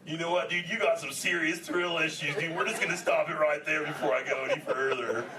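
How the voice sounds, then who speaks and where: The performer here is a man with a high, steady voice talking a little fast as a laid-back turtle, lightly acted and full of surfer slang and endless "dude"s. He chats with the audience of an indoor theme park show. Heard from a distance in the audience, the sound is echoey with crowd noise.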